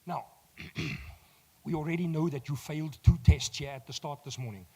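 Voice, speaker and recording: Croaky South African man giving a pep talk. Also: fairly high pitch, lively intonation, normal speed. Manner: direct, swells loud when making points, teases the audience. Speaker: motivational speaker. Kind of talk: motivational talk to a live audience.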